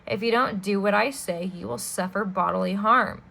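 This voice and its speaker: A woman's voice: medium pitch, normal speed, creaky, sharp tone, low-quality recording. A woman reading aloud and voicing a sinister, scheming adult male villain with a sneering, menacing manner. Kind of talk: storybook read-aloud.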